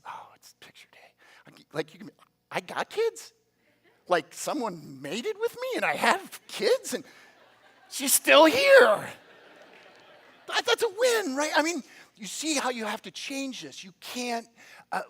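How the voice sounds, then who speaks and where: A man preaching a sermon in a church, telling stories with quick asides and playful voices. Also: high-pitched, a bit bright. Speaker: pastor. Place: church sanctuary.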